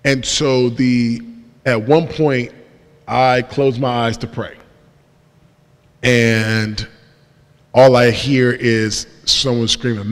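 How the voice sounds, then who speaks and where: A man's voice: medium pitch, fairly even intonation, extremely slow, pauses often. A young man gives a casual, slangy testimony to a church congregation, acting out what he and others said. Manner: casual storytelling, slangy, voices his past self. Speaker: guest speaker. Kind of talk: testimony talk from the pulpit. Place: large church sanctuary. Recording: long hall reverb in a church.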